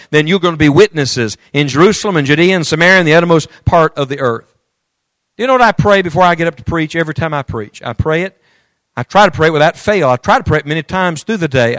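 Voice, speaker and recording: Male preacher, slightly higher voice, dry close recording; builds to emphatic peaks, then falls to near-whispered asides. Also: no echo. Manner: swings between loud emphatic declarations and hushed intimate storytelling; reads scripture aloud in King James wording. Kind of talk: sermon.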